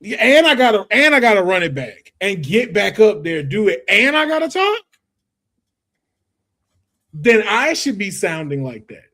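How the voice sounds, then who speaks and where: A man hosts a podcast in loose, slangy conversation. His slightly raised voice is animated and emphatic, and he pushes each point hard. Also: high-pitched, moderate pace. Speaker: podcast host. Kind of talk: casual chat.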